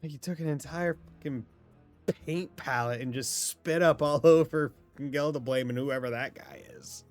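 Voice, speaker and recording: A man's voice: medium pitch, moderate pace, soft background music. A young man giving sarcastic, mocking let's-play commentary, swearing as he goes. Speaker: streamer.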